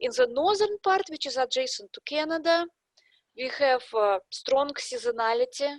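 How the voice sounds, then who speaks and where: A woman's voice: sits high, moderate pace, no echo. A woman with a Russian accent, a guest expert in a podcast interview, explaining things step by step with examples.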